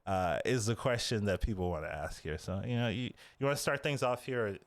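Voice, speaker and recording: A man hosting a casual game-strategy podcast, talking in an animated way and peppering his points with "you know" and "right?". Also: fairly low pitch, brisk, no room sound. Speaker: podcast host.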